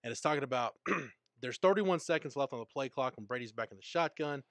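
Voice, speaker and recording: A man hosting a sports podcast, explaining plays and reading out quotes in a measured way. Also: mid-range voice, expressive, no echo. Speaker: podcast host. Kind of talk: casual sports talk. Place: studio.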